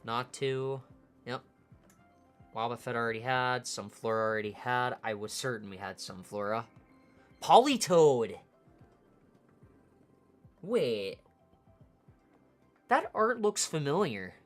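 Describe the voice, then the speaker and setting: A woman streamer giving casual, low-key commentary, murmuring card names half to herself. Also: very animated, takes it slowly, pauses often, soft background music.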